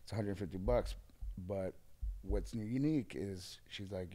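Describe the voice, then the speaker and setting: A lower-voiced man tells stories in a relaxed interview. He is animated and acts out the voices of the people he quotes. His pitch stays on the low side. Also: a little slow. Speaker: guest DJ. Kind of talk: casual storytelling interview.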